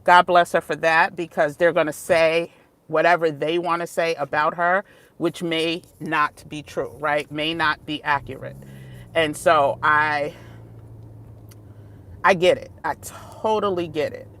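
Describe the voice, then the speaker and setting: Slow-talking chatty woman vlogger. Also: deep voice, steady tone, fairly bright tone. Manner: chatty, digressive, laughs often. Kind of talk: casual vlog talk. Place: outdoors, moving between places.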